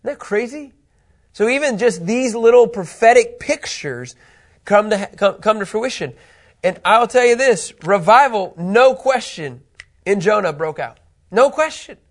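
Animated man teaching scripture, checking in often. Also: high-pitched, measured pace. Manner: animated, keeps asking "okay?" to check understanding. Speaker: Bible teacher. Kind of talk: Bible teaching.

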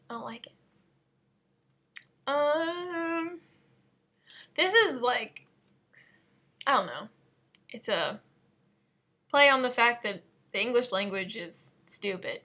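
Giggly, husky-voiced woman podcaster. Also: on the high side, animated, takes it slowly, pauses often, bright, forceful tone. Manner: giggly, playful, self-mocking. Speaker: podcast host. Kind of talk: casual solo podcast chat.

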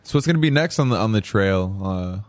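A man's voice: on the low side, a little fast. A man hosting a casual podcast chat, joking around and swearing a lot. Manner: joking, expressive, profane.

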